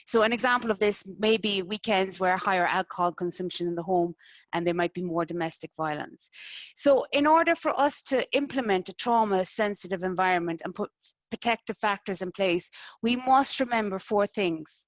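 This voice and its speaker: A woman presenting a webinar, explaining in a steady, list-like way. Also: mid-range voice, normal speed, no room sound. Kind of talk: structured webinar talk. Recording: dry, dull lo-fi mic.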